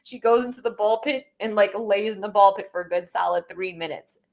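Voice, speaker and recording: A young woman talking casually on a live podcast, retelling a story about her toddler. Her pitch sits mid-range. She strings the story together with frequent "like"s and acts out what was said. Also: brisk. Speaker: podcast co-host. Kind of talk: casual chat.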